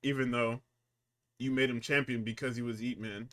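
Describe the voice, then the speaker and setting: A man co-hosting a casual wrestling podcast, profane and animated, acting out the people he quotes. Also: moderate pace. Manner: animated, profane, acts out quotes with big pitch jumps. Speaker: podcast co-host.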